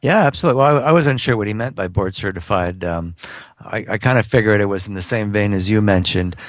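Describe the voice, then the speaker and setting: Low-voiced man, hesitant podcast co-host. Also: fast talker, no echo. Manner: hesitant, many fillers and restarts. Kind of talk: casual tech podcast talk.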